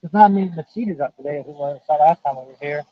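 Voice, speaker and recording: A man's voice: on the high side, racing, no room sound, highs cut off. A man casually chatting outdoors beside a stream, giving easygoing short replies. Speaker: host's husband, co-host. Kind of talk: casual chat. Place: outdoors by a waterfall.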